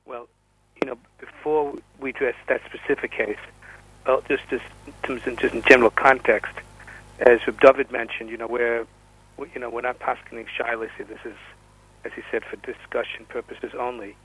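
A man, a rabbi and guest expert, answering over a phone line with many halting restarts and repeated words. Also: medium pitch, little pitch movement, a bit bright, husky. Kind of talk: discussing questions over the phone.

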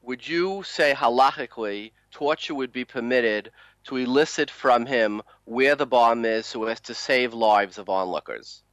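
A man's voice: medium pitch, a little slow, fairly bright tone, no room sound. Earnest man hosting a talk program. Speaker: talk show host.

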